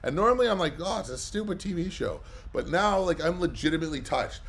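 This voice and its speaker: In a casual livestream, a man hosting a live comic book auction chats and rambles between bids, using lots of fillers. He talks fast, in a fairly high, slightly bright voice with lively intonation.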